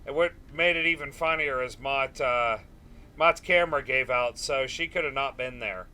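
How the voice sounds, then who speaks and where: A man's voice: mid-range voice, moderate pace, bright, forceful tone, clear, resonant tone. A young man streaming a space game, chatting casually with his viewers and often trailing off into "uh" and "um". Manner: chatty, answers chat, trails off with fillers. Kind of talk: casual gaming stream chat.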